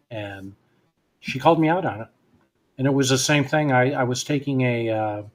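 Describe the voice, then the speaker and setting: A guest hypnotist with a medium-pitched voice tells a personal story in casual conversation, acting out both sides of the dialogue he remembers.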